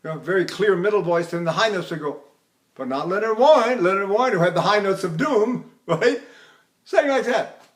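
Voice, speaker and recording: A man's voice: high-pitched, lively intonation, normal speed. An older man giving a voice lesson in a rambling, conversational way, now and then singing short operatic phrases. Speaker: voice teacher. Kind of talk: recorded vocal lecture with sung demonstrations.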